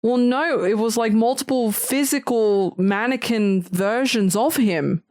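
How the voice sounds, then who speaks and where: A woman's voice: a little high, unhurried, darkish tone, dry recording, clean studio sound. A woman co-hosting a podcast, talking about films in an earnest, enthusiastic casual chat. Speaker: podcast co-host.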